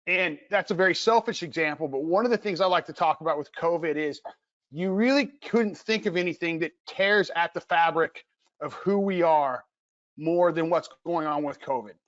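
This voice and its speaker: An earnest middle-aged man gives a casual lecture from his home, animated and prone to restarting his sentences. His voice sits fairly high for a man. The sound is dull and lo-fi, like a home video call. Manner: animated, earnest, many restarts and repeated words. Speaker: exercise researcher giving a talk. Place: home, with noise from upstairs.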